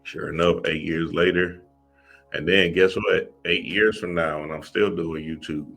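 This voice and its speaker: A man's voice: low-pitched, fairly even intonation, a little slow, gravelly, fairly bright tone, faint music behind. A man giving a loose, profane, street-casual motivational talk on spiritual self-help, with frequent restarts.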